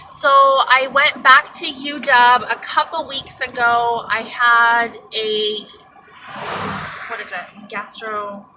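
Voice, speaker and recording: A woman vlogging from inside her car in a candid, excitable, rambling way. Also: a little high. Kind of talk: casual chatty update. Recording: car noise behind voice.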